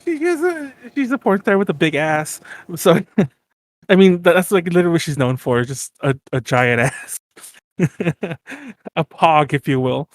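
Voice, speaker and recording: Podcast co-host, male, higher voice, rambly and loose, dry close mic. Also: expressive, unhurried, no room sound. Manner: rambling, lots of fillers and restarts, laughs often. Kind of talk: casual chat.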